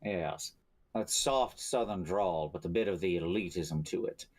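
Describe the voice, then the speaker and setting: Male guest player, lowish voice, eager and chatty, quick to laugh. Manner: eager and chatty, laughs often, self-correcting. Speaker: guest player who also runs games. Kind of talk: casual chat on a live stream.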